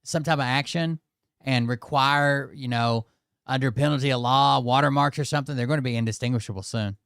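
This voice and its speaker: A man's voice: mid-range voice, fairly quick, fairly bright tone, clear, resonant tone, no echo, clean studio sound. A man hosting, giving casual offhand reactions to videos, often muttering and trailing off. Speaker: host.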